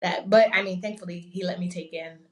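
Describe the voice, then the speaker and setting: A young adult woman from Nigeria, a podcast guest, telling a story in a casual, animated way and acting out the voices of the people in it. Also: on the low side, brisk, far from the mic. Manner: animated, acts out quoted voices.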